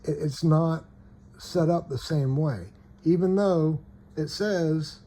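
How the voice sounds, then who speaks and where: Showing trading cards in a casual show-and-tell, an adult parent speaks at a slow pace in a warm voice on the high side. He keeps asking "okay?" and lets sentences trail off.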